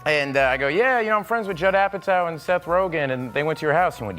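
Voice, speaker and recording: A man telling an anecdote as a guest, giggly and quick. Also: a little high, animated, pushed and bright, soft background music. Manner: giggly, storytelling, quick asides. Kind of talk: talk show anecdote.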